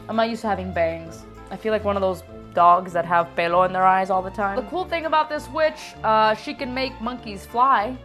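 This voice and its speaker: A woman's voice: mid-range voice, moderate pace, hardly any pauses, soft background music. Playful young woman on a lapel mic. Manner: playful, animated, drops Spanish words. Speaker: vlogger. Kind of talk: casual comedic countdown vlog.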